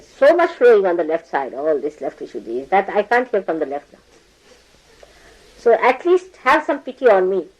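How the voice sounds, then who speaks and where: A woman's voice: mid-range voice, low-quality recording. A woman spiritual teacher lecturing her followers, chiding them, laughing often and mimicking people as she talks. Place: indoor ashram gathering.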